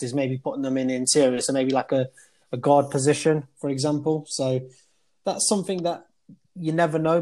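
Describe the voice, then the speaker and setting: A man's voice: mid-range voice, darkish tone. A British man co-hosting a podcast, talking through a football prospect in a rambling way with lots of fillers. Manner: rambling, many fillers and restarts. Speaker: podcast co-host. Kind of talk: casual football analysis.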